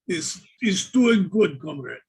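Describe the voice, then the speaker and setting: A man's voice: high voice, big pitch swings, takes it slowly, gravelly, darkish tone, breathy edge, full character voice. A man voicing a vodka-loving Russian, speaking clipped broken English in a put-on Russian accent. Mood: deadpan.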